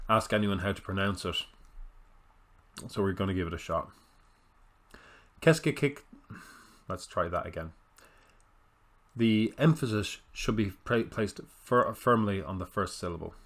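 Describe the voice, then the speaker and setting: A man's voice: lowish voice, fairly even intonation, moderate pace, long pauses, fairly bright tone. A man, talking casually over a football management game. He rambles, stops to correct himself and undercuts things with dry understatement. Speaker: gaming video host.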